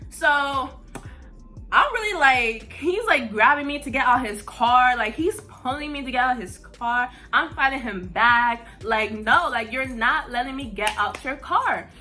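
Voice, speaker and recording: A lively young woman from New York tells a story in a high, bright voice that swings up and down a lot. She swears freely and fills her talk with "like", over faint background music. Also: measured pace. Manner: animated, profane, heavy use of "like". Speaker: vlogger. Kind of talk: casual storytime.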